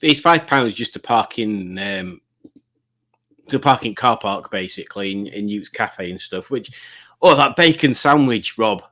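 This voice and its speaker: A man's voice: mid-range voice, a bit bright. Chatty man reading live chat. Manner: rambling, chatty, reads viewer comments aloud. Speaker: livestream host. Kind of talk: casual livestream chat reading comments.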